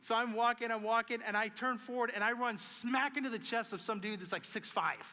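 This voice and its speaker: A male pastor preaching a sermon in a church, telling stories in an animated way and repeating key phrases for emphasis. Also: very high voice, fairly quick. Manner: animated storytelling with emphatic repetition. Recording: echoey church sanctuary.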